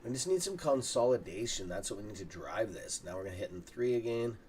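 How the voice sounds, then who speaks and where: A man's voice: lowish voice, sing-song, brisk, a little mellow, a little hiss or hum. A tired, yawning man hosting a casual live stock market stream, rambling and swearing now and then. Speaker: stock trading livestream host.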